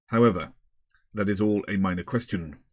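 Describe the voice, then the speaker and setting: A man's voice: fairly low pitch, normal speed, no room sound, natural voice. A man voicing an elderly, fussy and snobbish male headmaster who talks in long, pompous, winding sentences with small hesitations. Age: older.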